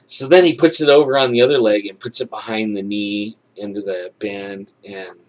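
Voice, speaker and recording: A man's voice: lowish voice, normal speed. A man telling a personal story in casual speech, acting out what people said, full of "you know" and "like", chuckling now and then. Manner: animated, acts out quoted dialogue; frequent fillers like "you know" and "like". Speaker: storyteller recounting a personal experience.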